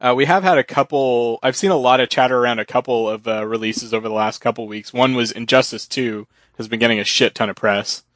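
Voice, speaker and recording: A man's voice: medium pitch, a little fast, hardly any pauses, fairly bright tone, dry recording, studio quality. A man co-hosting a casual pop-culture podcast, laid-back, swearing casually and laughing often. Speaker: podcast co-host. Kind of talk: casual chat.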